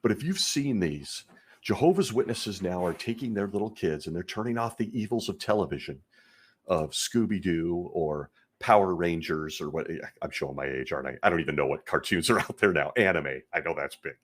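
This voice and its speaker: Husky, low-voiced man, earnest and indignant. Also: expressive, fairly quick, fairly bright tone. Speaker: podcast host. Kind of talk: commentary on a religion he left.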